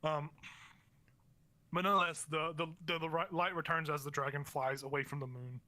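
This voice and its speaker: Bright-voiced male game master narrating. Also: on the high side, flat delivery, a little fast. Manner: rambling, many fillers and restarts.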